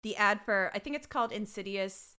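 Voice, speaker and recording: A woman's voice: medium pitch, brisk, bright, forceful tone, smooth. A woman in her thirties co-hosting a podcast, chatting casually with wry jokes and casual swearing. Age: 30s. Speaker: podcast co-host. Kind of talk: casual chat.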